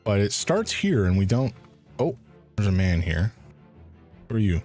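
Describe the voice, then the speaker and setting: A man's voice: on the low side, very animated, a little slow, a little mellow, faint music behind. A man streaming a first playthrough of a game, thinking aloud in a hesitant way and often restarting his sentences. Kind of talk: live game commentary.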